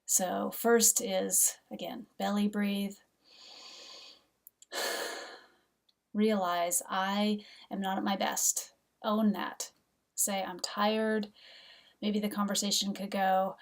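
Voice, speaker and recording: A middle-aged woman giving an earnest, gentle self-help talk as a mother, sometimes dropping to a soft whisper. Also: medium pitch, level tone, slow pace, pauses often, recorded from a distance. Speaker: host, mother and coach.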